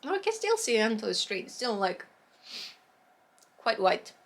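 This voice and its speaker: A knitting vlogger with a slightly high voice and big pitch swings chats casually at a moderate pace about her knitting projects. She rambles, loses her words, and trails off into fillers.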